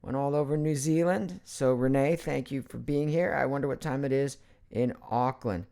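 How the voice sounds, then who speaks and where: A man's voice: medium pitch, normal speed, gravelly, warm tone, smooth. Middle-aged male voice actor, casual livestream host at his home computer, playful and rambling. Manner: chatty and playful, jumps between topics. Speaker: voice actor hosting a live Q&A. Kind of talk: casual live-stream chat.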